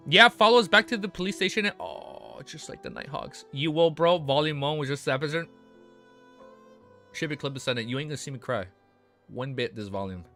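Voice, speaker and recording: Excitable streamer man with a bright voice. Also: on the high side, fairly quick. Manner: excitable, swears freely, laughs often. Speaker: live streamer. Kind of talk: reading a novel aloud on stream and reacting. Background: faint background music.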